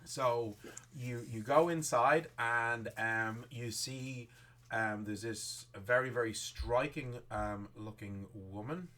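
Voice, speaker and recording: A man narrating a tabletop game as game master, rambling with many pauses and restarts. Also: mid-range voice, sharp tone.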